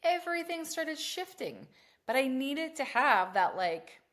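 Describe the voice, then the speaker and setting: A brash, animated woman swearing through a story. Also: high voice, unhurried. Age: adult with children. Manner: acts out her own past rants in a raised voice. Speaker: podcast co-host. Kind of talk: casual podcast chat.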